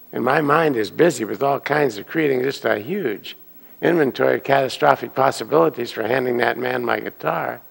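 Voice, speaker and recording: A man giving a Sunday sermon as a minister, telling stories and acting out the characters' excited voices. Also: medium pitch, gravelly. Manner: animated storyteller, acting out excited quoted voices. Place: church hall. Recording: long hall reverb.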